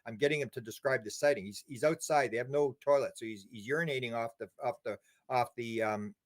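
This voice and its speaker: An older man, a guest in a casual interview, telling animated stories with many restarts and repeated words. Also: medium pitch, brisk. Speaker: interview guest, UFO researcher.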